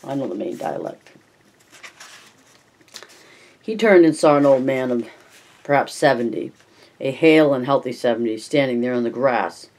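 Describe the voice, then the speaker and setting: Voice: medium pitch, a little mellow. Amateur audiobook reader, plain delivery, frequent slips and restarts. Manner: stumbling, self-correcting reading. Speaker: audiobook narrator.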